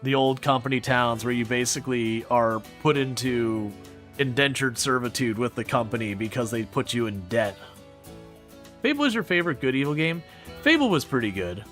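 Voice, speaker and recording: A man streaming a game and chatting with viewers in a rambling, animated way, often restarting his sentences. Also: medium pitch. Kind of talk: casual gameplay commentary answering chat.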